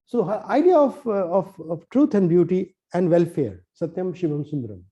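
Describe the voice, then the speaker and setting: A man spinning a lively tale, dark voice. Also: high voice, moderate pace, rough recording. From Nepal. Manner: lively, acts out quoted dialogue, many restarts. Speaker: poet and translator. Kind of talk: animated storytelling in conversation.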